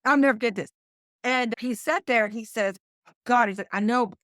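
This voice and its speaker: A middle-aged woman with a West Virginia accent, a combat flight nurse telling a story as a podcast guest, animated and acting out what others said. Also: fairly high pitch, normal speed, no room sound, studio quality. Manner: animated, quotes others in lively voices. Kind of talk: conversational storytelling.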